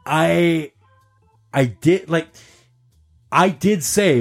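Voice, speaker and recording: A man telling a long story in casual chat, animated, laughing often and swearing freely. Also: fairly high pitch, extremely slow, gravelly, long pauses, soft background music. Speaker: podcast host telling a story.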